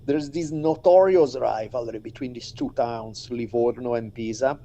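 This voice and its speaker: A man as a guest in a casual talk, sharing relaxed, reflective anecdotes. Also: mid-range voice, moderate pace, slight background noise. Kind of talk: casual conversation.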